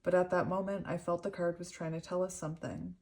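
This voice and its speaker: A woman's voice: on the low side, flat delivery, fast talker, darkish tone. Earnest young woman reading tarot meanings. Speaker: tarot reader.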